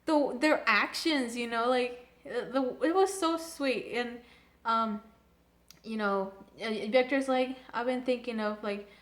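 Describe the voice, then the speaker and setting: Gushing young woman with a high voice. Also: measured pace. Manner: gushing, filler-heavy, excitable. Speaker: anime reviewer. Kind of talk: casual chat.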